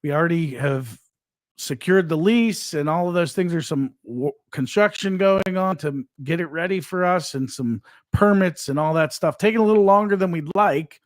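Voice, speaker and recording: A man with a fairly high voice co-hosts a live studio podcast and promotes coming events with upbeat hype. The recording is dry and close. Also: moderate pace, no echo. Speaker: podcast co-host and fight promoter. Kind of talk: casual live podcast chat.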